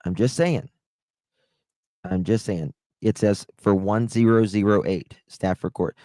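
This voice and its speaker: Male live streamer, low-pitched, gossipy and amused, recorded dry and close. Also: measured pace, warm tone, dry recording, poor audio. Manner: laughing, gossipy, swears. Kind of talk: casual live stream commentary.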